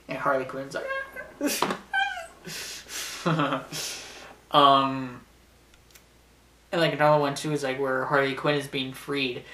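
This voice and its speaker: A man giving casual top-ten commentary at a slow, unhurried pace, rambling and filling pauses with ums and giggles. His voice sits at an ordinary pitch. It comes from away from the mic in an echoey room. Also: sharp tone. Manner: rambling, full of fillers and giggles. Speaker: host of a top-ten video show. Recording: roomy, distant from mic.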